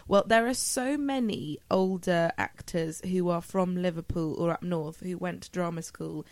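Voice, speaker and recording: A woman co-hosting a casual chat, animated and laughing, often slipping into impressions. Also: fairly low pitch, a little slow, dry recording.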